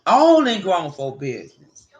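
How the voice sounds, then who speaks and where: A woman hosting a livestream, chatting casually with viewers and telling animated, profane stories. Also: fairly low pitch, a little slow, highs cut off. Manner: addresses viewers by name. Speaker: livestream host.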